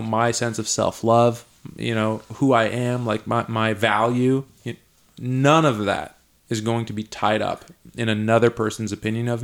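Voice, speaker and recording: A man hosting a podcast, talking casually and reflectively, getting animated when he is excited. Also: mid-range voice, vocal fry. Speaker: podcast host. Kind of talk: casual conversation.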